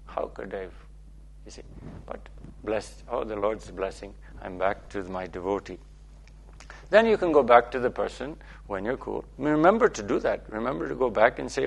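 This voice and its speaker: A man's voice: on the low side, moderate pace, creaky, slight background noise. A man, a spiritual teacher, giving a playful, repetitive talk to listeners, often checking in with "okay?".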